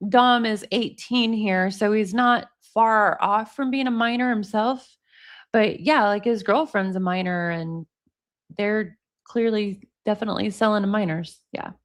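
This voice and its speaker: A woman in her forties chatting casually with viewers while reading text messages aloud. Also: medium pitch. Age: 40s. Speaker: commentary streamer.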